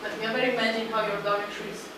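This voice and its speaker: A woman in the audience throws in quick, lively questions. She sounds distant from the mic, in a strongly echoing hall with steady noise behind her. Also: a little high. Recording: echoey hall, distant, noisy.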